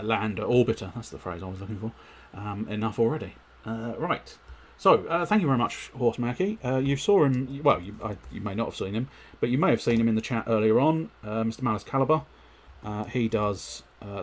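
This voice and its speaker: A man talks through a live gaming stream in a lowish, husky voice. He speaks in a wordy, politely formal way, full of ums and self-corrections. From United Kingdom. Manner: wordy and politely formal, with many fillers and restarts. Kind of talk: casual live-stream chat.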